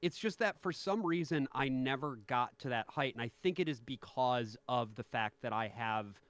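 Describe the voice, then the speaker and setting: A man's voice: mid-range voice, fairly bright tone, dry recording. Guy streaming, casual rambly chat, lots of restarts, dry close sound. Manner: rambling, halting, many restarts. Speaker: stream host.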